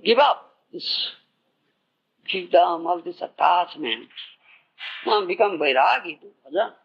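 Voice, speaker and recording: A man with an Indian English accent tells a devotional story as a spiritual teacher. He speaks slowly in a gravelly, husky voice and keeps checking that his listeners follow. The old tape is dull and lo-fi. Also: sits high, animated.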